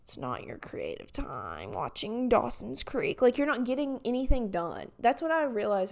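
A young woman with a raspy, nasal voice and a country accent, rambling casually as a podcast host with lots of "like". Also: on the high side, sing-song, normal speed, few pauses. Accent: US Southern. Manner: rambling, filler-heavy with frequent "like". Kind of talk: casual solo podcast chat.

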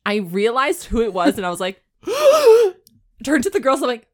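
Her voice runs a little high and quick as this young podcast co-host keeps the conversation casual. She laughs a lot and tells her stories in a giggly, lively way.

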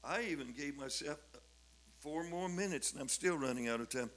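A man's voice: on the high side, animated, moderate pace, bright, forceful tone. Fervent older man preaching. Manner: fervent, rising to emphatic declamation, with frequent repetitions. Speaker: bishop preaching. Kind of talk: sermon.

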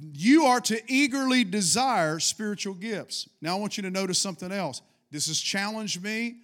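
Casting: middle-aged male pastor, high-pitched, fervent sermon delivery with call-and-response. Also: animated, normal speed, hardly any pauses, fairly bright tone.

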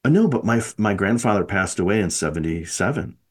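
A man's voice: lowish voice, animated, a little fast, slightly rough. A man hosting a podcast in casual chat, rambling and correcting himself with frequent chuckles. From American Midwest. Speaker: podcast host.

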